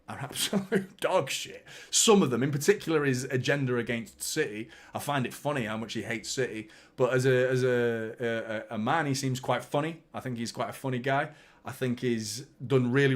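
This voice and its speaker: A young man hosting a live football reaction stream, talking passionately, swearing freely and answering viewers' chat. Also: medium pitch. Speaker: football fan channel host.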